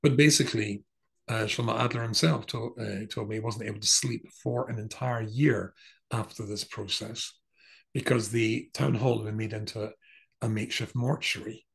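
A man's voice: fairly low pitch, fairly even intonation, normal speed, creaky, rough recording. A man, a rabbi, telling a long personal story in a rambling, anecdotal way with many asides. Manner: anecdotal, digressive, with asides and restarts. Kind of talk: storytelling talk.

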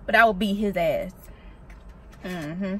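A woman's voice: mid-range voice, slow pace, slight background noise, low-quality recording. A young woman vlogging a casual mukbang, talking bluntly and profanely while she eats. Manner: blunt, profane, animated storytelling while eating. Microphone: vlog camera.

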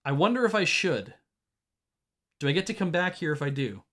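Man streamer, slightly high voice, thinks aloud with hesitations. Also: sing-song, moderate pace, fairly bright tone. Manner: musing, hesitant. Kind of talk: casual game stream commentary.

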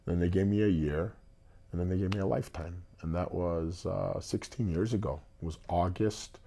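A man, a singer telling his life story in a casual, animated interview. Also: low voice, moderate pace, gravelly, slight background noise. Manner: animated storyteller, acts out quotes.

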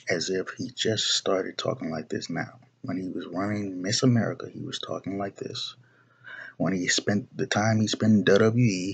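A young male video blogger rants about politics to the camera in a low voice that's gravelly and husky. He's blunt and profane, often looping back, repeating himself and restarting what he was saying.

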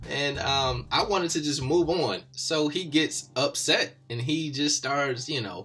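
Bright-voiced man telling a car story. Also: fairly high pitch, measured pace, breathy edge, soft background music. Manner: animated, retelling an argument with rising intensity. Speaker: automotive channel host. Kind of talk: casual storytelling vlog.

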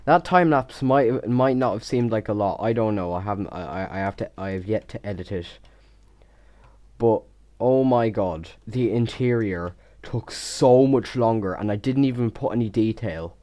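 Rambling young man, deep and mellow. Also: normal speed. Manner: rambling, stuttering, self-mocking. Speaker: Minecraft YouTuber. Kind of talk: casual voice-over of a build time lapse.

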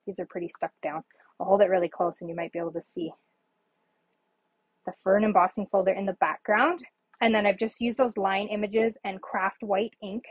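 A woman's voice: mid-range voice, breathy edge, dry recording, lo-fi sound. A woman casually showing her handmade paper cards on a live stream, chatty and rambling with many ums. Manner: chatty, rambling, frequent ums, laughs at herself. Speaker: papercraft demonstrator. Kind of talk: casual live craft demo.

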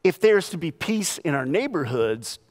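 A male pastor delivering a sermon, telling stories with animated laughs. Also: on the high side, moderate pace. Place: church sanctuary.

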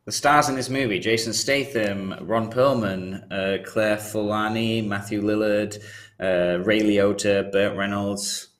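A man co-hosting a casual podcast chat, making dry, unhurried remarks. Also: fairly low pitch, steady tone. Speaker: podcast co-host. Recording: roomy sound with faint music behind.

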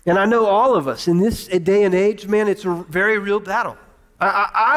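A man in his thirties preaches from a church stage, his voice sitting high for a man. He leads his listeners in call-and-response and repeats key phrases for emphasis. The sound rings with a long hall reverb. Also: moderate pace, fairly bright tone. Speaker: pastor. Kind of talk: sermon. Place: church auditorium.

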